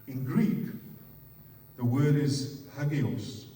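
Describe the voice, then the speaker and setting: Afrikaans-accented male pastor, unhurried and emphatic sermon delivery, distant mic in a reverberant hall. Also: mid-range voice, dark tone. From South Africa. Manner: emphatic, repeats words in threes, asks the audience questions. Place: church hall. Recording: echoey hall, picked up from far off.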